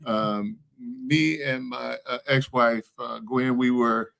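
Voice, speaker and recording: A middle-aged man co-hosting a casual faith and news chat, a lively storyteller whose voice jumps up when he quotes people. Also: medium pitch, takes it slowly, gravelly. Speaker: co-host of a weekly faith and news show.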